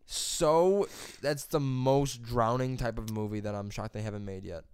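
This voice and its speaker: A young adult man in casual podcast chat, swearing freely and telling animated stories with big jumps in pitch. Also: unhurried, clear, resonant tone, no echo, clean studio sound.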